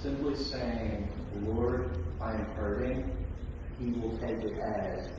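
A man in a youth group audience, speaking quietly in reply to the preacher. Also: on the low side, slow pace. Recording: distant echoey dull recording with noise.

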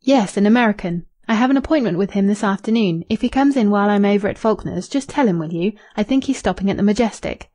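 A woman reading the lines of a brisk young man about town in an audiobook, casual and a little raised. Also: mid-range voice, animated, darkish tone, lightly acted.

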